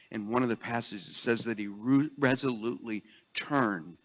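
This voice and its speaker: A man's voice: medium pitch, normal speed, a bit bright, long reverb tail. A middle-aged man preaching a sermon in a conversational storytelling way, acting out the people in his stories. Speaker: pastor.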